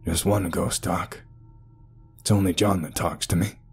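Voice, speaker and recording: A man's voice: low voice, steady tone, unhurried, gravelly, soft background music. A man voicing a guilt-ridden male cave rescuer in a horror story, speaking hesitantly. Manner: hesitant, uncertain.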